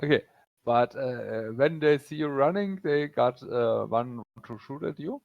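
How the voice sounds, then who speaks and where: A man with a German accent running a tabletop game as game master, speaking haltingly with many fillers. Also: medium pitch, lively intonation, creaky, no room sound, dull audio.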